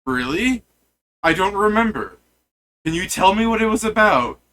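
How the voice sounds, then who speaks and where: A man's voice: high-pitched, lively intonation, moderate pace, bright, forceful tone, slight background noise, voice pushed up, low-quality recording. A man voicing a huge, forgetful male cloud giant who talks in a haughty, lofty way. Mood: pompous.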